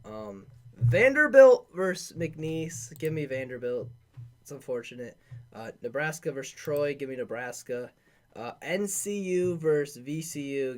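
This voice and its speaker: A sports podcast host, a man with a medium-pitched, somewhat dark voice, chats casually through his bracket picks. He thinks out loud in an offhand way, leaning heavily on filler words.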